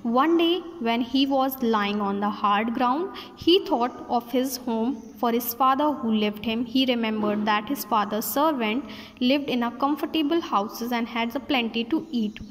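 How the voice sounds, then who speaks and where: A woman teacher reading a story aloud to her class, slowly, with slips and restarts. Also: fairly high pitch. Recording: long hall reverb.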